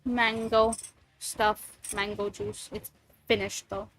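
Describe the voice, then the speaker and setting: A woman's voice: medium pitch, little pitch movement, slow, a bit bright. A woman streamer chatting casually and rambling, swearing freely between thoughts. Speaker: streamer and voice actor. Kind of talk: casual livestream chat.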